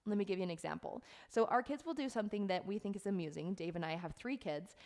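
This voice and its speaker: Middle-aged woman coach, earnest and heartfelt, unhurried and soft, repeats words for emphasis, speaking to camera. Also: mid-range voice. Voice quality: earnest and heartfelt, close to tears at times. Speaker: life coach. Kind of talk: reflective talk to camera.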